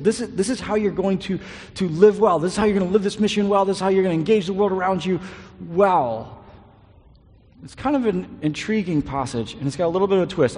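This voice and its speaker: A man preaching a sermon, animated and conversational, often repeating words as he paraphrases scripture. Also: high voice, slightly rough. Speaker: pastor. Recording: long reverb of a large hall.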